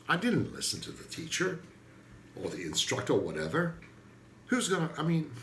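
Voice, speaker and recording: A man doing a stand-up comedy monologue, emphatic, leaping from loud outbursts to mutters. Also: medium pitch, echoey room, a little hiss or hum. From Turkey.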